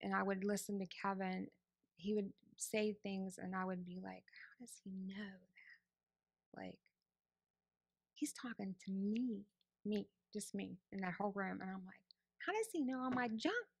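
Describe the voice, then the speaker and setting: A woman's voice: medium pitch, moderate pace, vocal fry, dry recording. A woman telling her personal testimony to a church congregation, candid and conversational, acting out her own past thoughts. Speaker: church member giving testimony.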